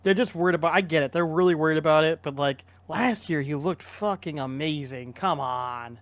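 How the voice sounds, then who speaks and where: A man's voice: on the high side, fairly quick, dry recording. A man co-hosting a casual sports podcast, rambling and opinionated with frequent restarts. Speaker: podcast co-host.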